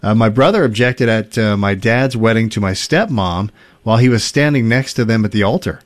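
A man's voice: on the low side, a little fast. A man hosting a casual chat, reading listener stories aloud in an easygoing way, with chuckles and fillers. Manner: relaxed storytelling with fillers and chuckles.

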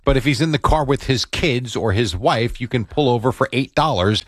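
A man's voice: mid-range voice, expressive, a little fast, no echo, clean studio sound. A man co-hosting a radio show, teasing his partner and pushing back skeptically in casual banter. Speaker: radio co-host. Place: radio studio.

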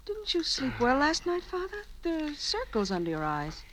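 A bright, doting daughter. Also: female voice, high voice, wildly swooping pitch, normal speed, a little hiss or hum, heavily acted, rough recording. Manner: bright, solicitous. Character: affectionate grown daughter, lively and caring. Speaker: actor. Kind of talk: 1940s radio acting.

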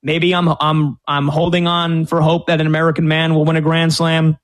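Man, slightly higher-pitched, opinionated tennis betting analyst, casual and rambling. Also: completely flat delivery, moderate pace. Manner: opinionated, rambling, many restarts. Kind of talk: sports betting commentary.

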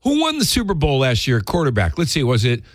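A man's voice: medium pitch, huge pitch swings, fast talker, no room sound, clean studio sound. A man hosting a radio talk show, doing folksy, emphatic live-read ads and chatting about football.

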